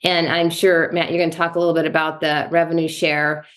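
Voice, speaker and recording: A woman shares her reactions in a casual team meeting. Her speech rambles with frequent fillers, and her voice sits on the low side. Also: flat delivery, brisk. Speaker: meeting participant. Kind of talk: casual chat.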